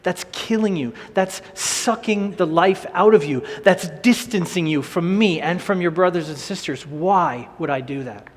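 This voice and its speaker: A man preaching, voicing Jesus as a calm, gently puzzled figure who mildly questions the listener. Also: high voice, a little slow, few pauses, big-room sound.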